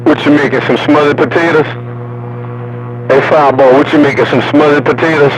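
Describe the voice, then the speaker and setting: A man's voice: a little high, steady tone, fairly quick, background noise. A man talking on a CB radio in a folksy, drawling, teasing way. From Southern US. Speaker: CB radio caller. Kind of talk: casual CB radio chat.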